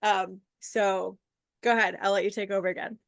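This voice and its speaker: A woman's voice: medium pitch, little pitch movement, normal speed, gravelly, no echo. A woman hosting a podcast, talking reflectively in casual conversation with many fillers. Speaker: podcast host.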